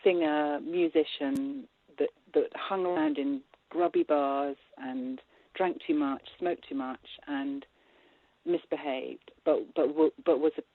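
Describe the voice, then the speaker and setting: A woman film director talking in an interview, animated and laughing, with many restarts. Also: low voice, slow, dry recording. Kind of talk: interview conversation. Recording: tinny phone-line sound.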